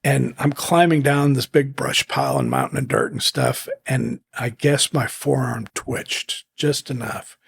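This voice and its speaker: A middle-aged man from Zimbabwe, a podcast guest, telling rambling, animated hunting anecdotes with many restarts. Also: medium pitch, unhurried, creaky, few pauses, husky. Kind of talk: casual storytelling interview.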